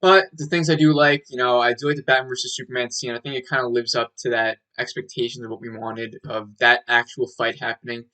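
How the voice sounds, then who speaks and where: A man's voice: mid-range voice, level tone, fast, hardly any pauses, bright, forceful tone, poor audio. A young man giving a rambling, casual movie review, full of filler words and swearing.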